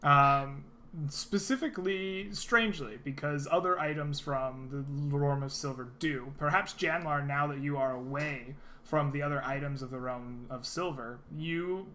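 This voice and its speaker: A man's voice: fairly high pitch, unhurried, pushed and bright. A man narrating as game master of a tabletop role-playing game, loose and full of fillers.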